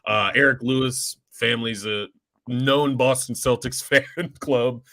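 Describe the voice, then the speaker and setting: A man's voice: mid-range voice, fairly even intonation, measured pace, sharp tone, no room sound. A man co-hosting a sports talk show, earnest and fan-like, often stammering into his points. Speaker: co-host of a sports podcast.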